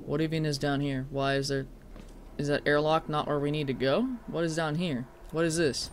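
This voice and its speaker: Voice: medium pitch, little pitch movement, normal speed, a little hiss or hum. A streamer playing a horror game live, chatting and swearing, breaking into shrieks when startled.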